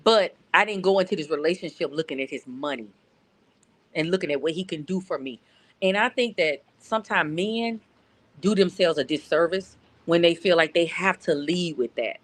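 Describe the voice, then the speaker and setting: Calling in to a casual chat, a middle-aged North Louisiana woman speaks earnestly at a moderate pace in a fairly low voice. She often repeats words as she searches for them.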